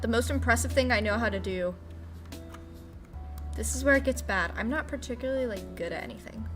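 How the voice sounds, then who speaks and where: A woman from Ohio with a Midwestern American accent, chatting casually with her stream audience. Her voice sits a little high and she swears lightly in a playful way. Faint music plays behind her. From Ohio, USA. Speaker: Twitch streamer. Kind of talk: casual stream chat reading viewer questions.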